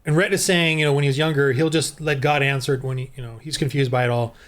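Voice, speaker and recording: A man's voice: mid-range voice, fairly even intonation, fast, fairly bright tone. A man from the United States giving a rambling, heated, preachy commentary monologue as a Christian video host.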